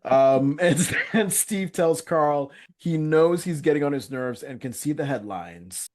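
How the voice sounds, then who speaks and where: A man's voice: fairly high pitch, animated, unhurried, hardly any pauses, darkish tone. A young man co-hosting a casual podcast, chatting animatedly, often laughing, swearing and acting out lines from a sitcom in put-on voices. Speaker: podcast co-host recapping a sitcom. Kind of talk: casual chat.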